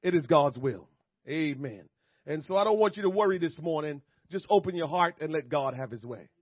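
Male pastor, higher-pitched voice, emphatic sermon delivery, dry and slightly dull sound. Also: lively intonation, brisk, slightly rough, dry recording. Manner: emphatic preaching with chuckles and repetition. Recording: dry, slightly muffled recording.

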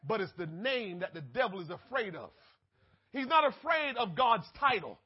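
A man preaching a sermon with passion, swinging between shouted declarations and low, quiet asides. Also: sing-song, moderate pace, breathy edge, muffled recording.

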